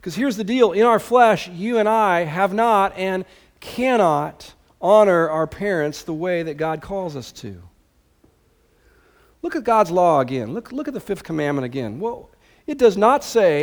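Emphatic preacher with a high voice. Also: male voice, very animated, a little slow. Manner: emphatic, with conversational asides. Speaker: pastor. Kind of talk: sermon.

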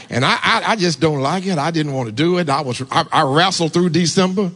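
A married man preaching a testimony sermon, telling a story and calling on the congregation to talk back, with sudden shouts. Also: fairly high pitch, lively intonation, brisk, few pauses. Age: adult, married. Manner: call-and-response, urging the congregation to answer.

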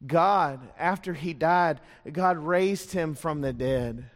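A man preaching a sermon, telling stories, firing off rhetorical questions and dropping to a hush for emphasis. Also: fairly high pitch, measured pace, hardly any pauses. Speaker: pastor. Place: church sanctuary. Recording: long church hall reverb.

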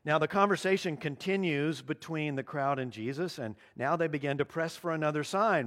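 Man, pastor, earnest sermon delivery, slightly high voice, slows for emphasis. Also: fairly bright tone.

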